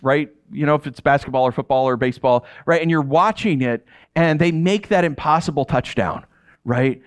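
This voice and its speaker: A man giving a casual, animated Bible teaching, chatty and quick to laugh, full of rhetorical questions. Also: high-pitched.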